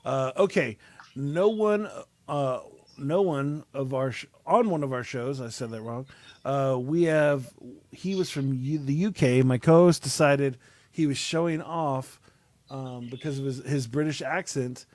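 A man's voice: medium pitch, measured pace, darkish tone, dry recording. A man hosting a casual web show over a remote call, talking with many fillers and restarts. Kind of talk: casual chat.

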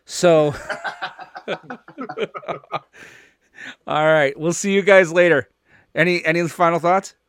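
A man's voice: on the high side, fairly even intonation, slow pace, long pauses, fairly bright tone, clear, resonant tone, dry recording, studio quality. A man co-hosting a podcast in a casual, rambling way, laughing often as he wraps up. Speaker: podcast co-host and director.

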